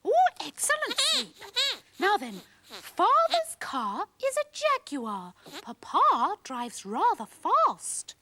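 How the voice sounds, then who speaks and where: A prim, squeaky panda puppet. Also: female voice, wildly swooping pitch, a little slow, fairly bright tone, heavily acted. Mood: coaching. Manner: prissy, scolding, elocution-proud. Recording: hissy old VHS tape.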